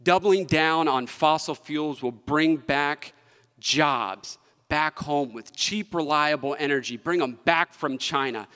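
His fairly high voice is slow, pushed, bright and smooth as this West Virginia state treasurer makes a political conference speech at a podium. He's impassioned and emphatic, repeating himself for effect, with long reverb from the large hall.

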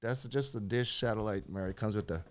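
A man's voice: lowish voice, fairly quick. Joking, profane male talk-show host. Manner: loose, joking and profane, laughs often. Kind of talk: casual chat.

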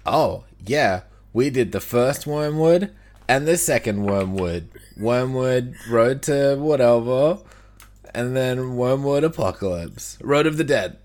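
Man, casual podcast co-host, animated pitch, teasing, joking, swears freely. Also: slow.

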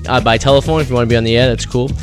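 A man's voice: medium pitch, steady tone, racing, faint music behind. A young man hosting a college radio show from a campus studio, joking and rambling between clips. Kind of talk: casual radio chat. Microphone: studio mic.

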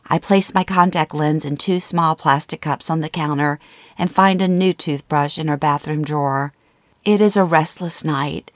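A middle-aged woman narrating a personal memoir in a calm, measured, intimate way. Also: low-pitched, dry recording, clean studio sound. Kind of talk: memoir reading.

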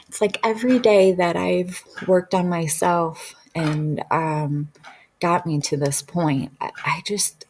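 A woman telling a personal story in casual conversation, earnest and emotional, often dropping into a soft whisper. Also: on the low side, fairly even intonation, slow, a little hiss or hum. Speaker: guest recounting a regression session.

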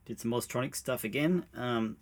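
A man co-hosting a podcast in relaxed casual chat, dropping dry quips. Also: mid-range voice, normal speed. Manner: laid-back, dry quips, laughs easily. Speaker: podcast co-host.

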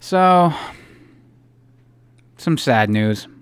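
A man's voice: medium pitch, lively intonation, drawn-out words, clean tone. Joking podcast co-host, a man. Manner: jokey, rambling, swears casually. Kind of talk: casual chat.

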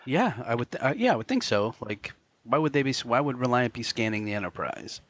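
A man co-hosting a podcast chats casually about a film, rambling and explaining things with lots of "you know" fillers. His mid-range voice is sing-song, a bit bright, and fairly quick.

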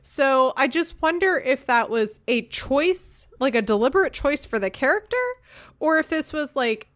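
A woman co-hosting a casual podcast chat, talking in an animated way and filling her speech with "like.". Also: high voice, normal speed. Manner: chatty, frequent "like" fillers, animated. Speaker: podcast co-host.

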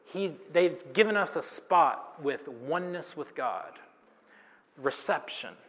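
A man preaching a sermon, dramatic, swinging between loud and hushed lines and joking with the congregation. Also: on the high side, expressive, slow pace. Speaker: pastor. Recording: long reverb of a large hall.

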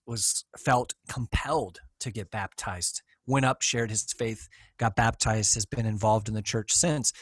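A man, a pastor, chatting excitedly on a church podcast, teasing his co-hosts and restarting his sentences. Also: fairly low pitch, breathy edge, no room sound. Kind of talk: casual church podcast chat.

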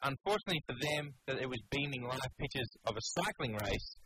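An Australian man co-hosting live radio, chatty and quick, telling stories between jokes. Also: medium pitch, lively intonation, crowd noise, rough recording. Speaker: radio co-host.

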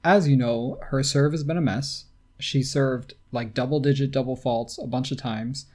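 A man's voice: mid-range voice, moderate pace, darkish tone. A man co-hosting a casual podcast in an ordinary mid-range voice. He is amused and laughs easily, and his talk stays loose and chatty. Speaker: podcast co-host.

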